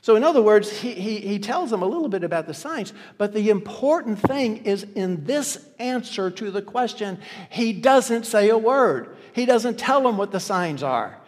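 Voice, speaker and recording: A man preaching a sermon as a pastor, with emphatic, repeated phrases that swing between loud and soft. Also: high voice, animated, moderate pace. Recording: long reverb of a large hall.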